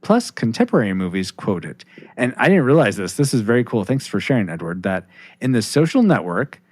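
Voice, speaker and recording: A man's voice: lowish voice, sing-song, brisk, a little mellow, no echo. A man hosting a casual podcast, rambling with restarts while reading listener comments on a close mic. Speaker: podcast host.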